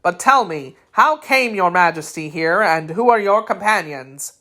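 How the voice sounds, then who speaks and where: A woman's voice: lowish voice, lively intonation, a little slow. A woman doing a courtly kindly tin emperor. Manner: warm, effusive, courtly.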